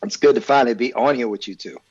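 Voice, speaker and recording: A man's voice: mid-range voice, quick pace, a little mellow, no echo, dull audio. A man co-hosting a casual combat sports podcast, wry and full of questions. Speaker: podcast co-host.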